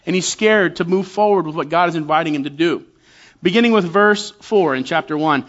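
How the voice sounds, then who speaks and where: A man in his forties preaching as a guest church elder, talking casually and poking fun at himself, with frequent quick restarts. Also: fairly high pitch, fairly bright tone, muffled recording. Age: 40s. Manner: conversational and self-deprecating, with quick restarts. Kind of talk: sermon with humorous stories.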